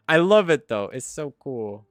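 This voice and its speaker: With no echo and studio-quality sound, a male streamer in a fairly high voice answers his chat at a measured pace. His talk is casual and animated, full of swearing, and he's easily pulled onto tangents.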